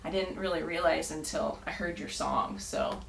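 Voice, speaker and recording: A woman's voice: low-pitched, moderate pace, vocal fry, poor audio. A woman guest on a podcast, telling her story earnestly with many fillers and frequent laughter. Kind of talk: casual storytelling.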